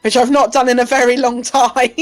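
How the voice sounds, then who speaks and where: A woman's voice: on the high side, flat delivery, moderate pace. A young woman chatting casually on a live stream as co-host, laughing often and swearing now and then. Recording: faint music behind.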